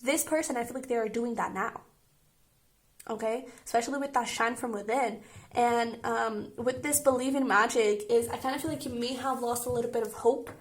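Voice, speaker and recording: Chatty, emotional woman tarot reader. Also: a little high. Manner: chatty and emotional, frequent "I feel like" and "okay?". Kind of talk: casual tarot reading to camera.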